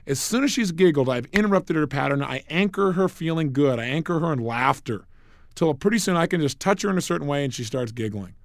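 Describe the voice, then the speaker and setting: Emphatic man, lively rising and falling pitch. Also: a little fast, dry recording, clean studio sound. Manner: emphatic, punchy coaching delivery. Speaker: motivational speaker. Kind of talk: recorded motivational talk.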